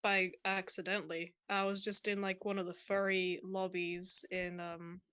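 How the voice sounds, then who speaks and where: A woman's voice: on the low side, little pitch movement, moderate pace, fairly bright tone, smooth. A woman in a casual voice chat, giggly and playful, swearing freely.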